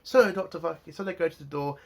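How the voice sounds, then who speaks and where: A man's voice: fairly high pitch, fast talker. A man, ranting angrily and swearing heavily as he reviews a TV episode. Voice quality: heavy swearing, heated ranting. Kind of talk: angry solo review rant.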